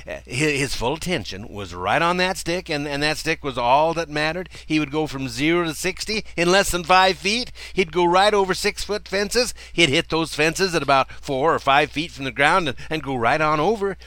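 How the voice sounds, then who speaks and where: A man's voice: moderate pace, few pauses, no echo. An older man telling a personal childhood story in a folksy way, chuckling often as he talks. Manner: folksy, chuckling often, lively swings in pitch.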